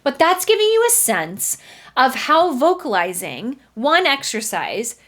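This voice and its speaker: A woman's voice: high-pitched, big pitch swings, unhurried, fairly bright tone. A woman in her thirties hosting a singing lesson podcast, chatting casually and breaking into short sung vocal examples. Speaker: voice teacher and podcast host. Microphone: studio mic.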